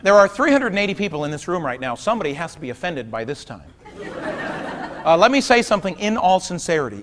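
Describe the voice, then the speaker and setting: A man in his thirties doing stand-up comedy on a theater stage, talking wryly and conversationally, then breaking into loud outbursts. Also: high voice, sing-song, fast. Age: 30s. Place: theater stage before a large audience. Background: audience laughter.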